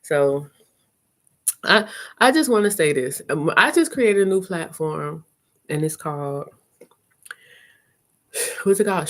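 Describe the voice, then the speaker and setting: Chatty woman vlogger, lowish voice. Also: slow, pauses often. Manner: chatty, animated storytelling with laughs. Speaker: content creator. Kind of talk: casual live-stream chat.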